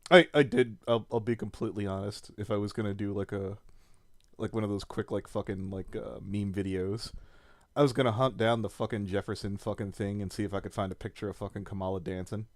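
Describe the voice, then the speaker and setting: A man's voice: fairly low pitch, steady tone, fairly quick, no room sound. A man hosting a casual livestream chat, rambling and swearing a lot. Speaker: stream host.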